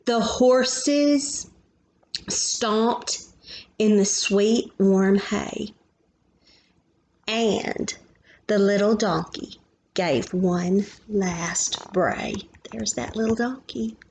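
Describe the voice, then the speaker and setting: A woman, the children's preschool teacher, reads them a picture book in a gentle way, breaking off to ask questions and highlight the pictures. Her pitch is medium, her pace extremely slow, with long pauses.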